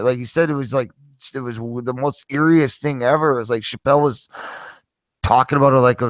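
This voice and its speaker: Excitable rambling man hosting a podcast. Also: mid-range voice, dry recording. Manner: excitable, rambling, swears a lot. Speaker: podcast host. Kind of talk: casual podcast chat.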